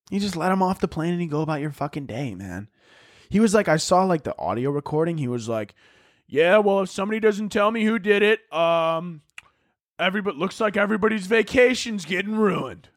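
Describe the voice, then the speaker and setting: A man's voice: fairly high pitch, dry recording, clean studio sound. A man hosting a solo comedy podcast, ranting in a profane, exasperated, mock-outraged way. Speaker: podcast host.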